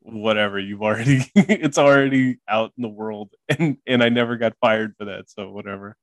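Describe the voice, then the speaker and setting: A man's voice: on the low side, moderate pace, dry recording. Man, young adult, podcast host, casual rambling chat, laughs a lot, dead dry sound. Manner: laughing, filler-heavy, rambling.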